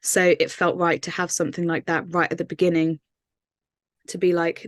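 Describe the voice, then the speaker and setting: A woman's voice: lowish voice, flat delivery, a little fast, no echo. A woman musician answering interview questions in an earnest, thoughtful way, with many fillers and restarts. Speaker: singer-songwriter interviewee.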